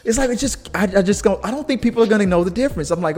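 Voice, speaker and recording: A man's voice: high-pitched, expressive, very fast, a little mellow. A man hosting a casual chat show, rambling with restarts and frequent laughter. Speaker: podcast host.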